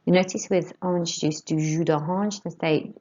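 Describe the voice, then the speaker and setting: A woman teaching a language lesson, saying words slowly and clearly for students to repeat. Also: on the low side, steady tone, mellow, dull audio. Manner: slow, clear modelling of words for repetition. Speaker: French teacher.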